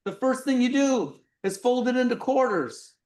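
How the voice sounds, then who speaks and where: A middle-aged physics presenter runs a lively workshop, acting out examples and projecting loudly at times. The voice sits a little away from the microphone. The room gives it a noticeable echo. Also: medium pitch, normal speed, distant mic. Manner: animated, acts things out, projects loudly. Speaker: physics lecture demonstrator. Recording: roomy sound from away from the mic.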